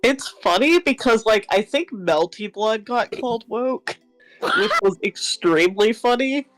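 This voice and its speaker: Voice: medium pitch, expressive, a little slow, fairly bright tone, no room sound, soft background music, rough recording. An easygoing guest in a casual stream chat who drops giggly asides.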